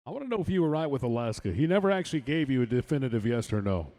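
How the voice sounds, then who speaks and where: A man's voice: mid-range voice, big pitch swings, racing, warm tone. A man announcing a live rodeo, giving upbeat introductions of riders.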